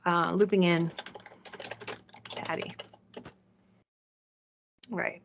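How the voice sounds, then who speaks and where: Chatty woman presenting a software demo. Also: fairly low pitch, steady tone, drawn-out words, gravelly, muffled recording, slight background noise. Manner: chatty, asks "right?" often. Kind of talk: live software demo talk.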